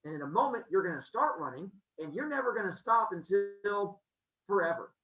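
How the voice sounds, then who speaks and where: A man's voice: high voice, lively intonation, a little fast, distant mic, over music. A man voicing a jealous, vengeful queen goddess with a sassy, scolding manner in a comic myth retelling. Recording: roomy, slightly muffled.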